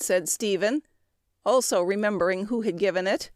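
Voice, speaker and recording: A woman narrating a classic story in a measured, expressive reading. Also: mid-range voice, no echo, studio quality. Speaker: audiobook narrator.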